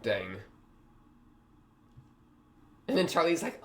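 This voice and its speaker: Animated young man rambling through commentary. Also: lowish voice, fast, few pauses, slight background noise. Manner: animated, rambling, slangy, lots of fillers. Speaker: reaction video host. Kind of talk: casual reaction commentary.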